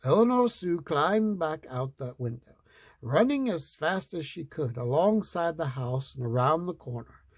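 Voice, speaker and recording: A man reading a picture book aloud, slow, playful and expressive. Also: a little high, no room sound. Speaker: storyteller.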